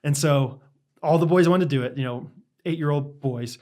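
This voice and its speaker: A man's voice: on the high side, normal speed. A young adult man co-hosting a podcast, telling a casual story with lots of laughter and "like". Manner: animated, laughing, heavy use of "like". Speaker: podcast co-host.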